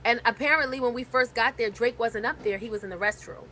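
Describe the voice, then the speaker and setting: Lively storytelling woman comedian. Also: on the high side, quick pace, rough recording. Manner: lively storyteller, swears freely, acts out quotes. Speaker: comedian guest. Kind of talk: casual storytelling chat.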